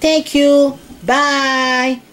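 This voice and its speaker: A woman voicing a fed-up female Easter egg who speaks slow, broken English. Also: high voice, little pitch movement, a bit bright, exaggerated voice. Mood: cheerful. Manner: slow, broken non-native English grammar.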